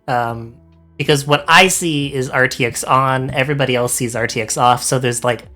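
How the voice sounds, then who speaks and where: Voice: mid-range voice, fairly even intonation, moderate pace, pushed and bright, soft background music. A host in a casual interview chat who often stammers and restarts sentences.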